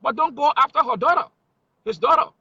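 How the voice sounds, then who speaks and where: A man's voice: extremely high pitch, fairly quick, sharp tone, no echo, highs cut off. A man giving heated political commentary, emphatic and full of rhetorical questions.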